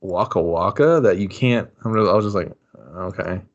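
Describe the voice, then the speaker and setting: A man's voice: lively intonation, fast talker, dull audio. A man co-hosting a podcast, joking through a movie recap and acting out characters in exaggerated voices. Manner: joking, acts out characters with loud squeaky voices. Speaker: podcast co-host. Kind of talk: casual movie review chat.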